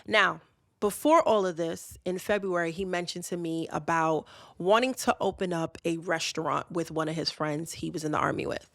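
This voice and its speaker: A woman's voice: lowish voice, moderate pace, creaky, no echo, studio quality. A young woman podcast host casually telling a personal story, candid and chatty, speaking straight to her listeners. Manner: candid, conversational, addresses listeners directly.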